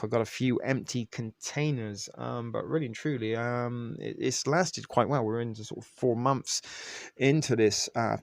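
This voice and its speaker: A man with a low, gravelly voice hosts a casual live stream and chats loosely with his viewers. His delivery stays flat, with little lift. It is full of fillers and restarts, and the sound is close and dry. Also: dry recording. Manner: rambling and loose, many fillers and restarts, mild swearing. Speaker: livestream host. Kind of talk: casual live-stream chat, reading and answering viewer comments.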